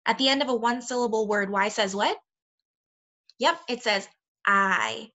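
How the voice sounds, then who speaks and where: A woman with a bright, clear voice leads a remote phonics lesson for second graders. She talks slowly and plainly, sounding words out and praising the kids often. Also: mid-range voice. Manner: slow, clear, encouraging teacher talk to young children.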